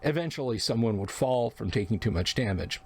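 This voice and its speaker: A man's voice: mid-range voice, animated, a little fast, slightly rough. A man narrating a personal memory of his first tabletop game, acting out the quoted lines in between. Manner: reflective, acts out quoted lines. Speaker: podcast narrator. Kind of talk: storytelling memoir.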